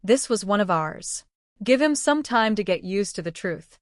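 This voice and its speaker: A woman reading an audiobook, voicing a man who gently reassures a tearful woman. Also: sits high, expressive, normal speed, dry recording, studio quality. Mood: consoling.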